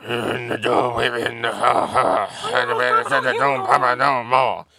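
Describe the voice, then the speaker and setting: A man doing a gravelly, mumbling bad rapper. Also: medium pitch, flat delivery, unhurried, over a noisy crowd. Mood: mocking. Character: mumbling bad-voiced male rapper, off-key. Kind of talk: mocking impression in casual chat.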